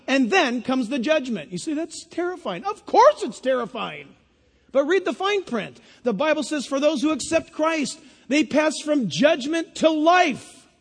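A man preaching a sermon, lively and animated, acting out little voices and laughing at his own jokes. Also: very high voice. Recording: long hall reverb.

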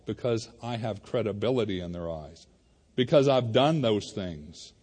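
A male pastor preaching a sermon in a church, conversational and animated, talking to the congregation like friends. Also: on the low side, normal speed, breathy edge. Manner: conversational and animated, addressing the congregation as "you guys". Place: church sanctuary. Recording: reverberant hall.

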